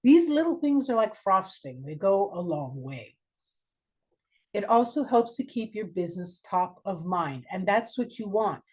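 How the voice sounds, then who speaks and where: Woman presenter for a small-business webinar, direct and emphatic, mid-pitched voice, peppers the talk with rhetorical questions. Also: big pitch swings, a little slow, a little mellow, slightly rough. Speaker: marketing consultant, guest speaker.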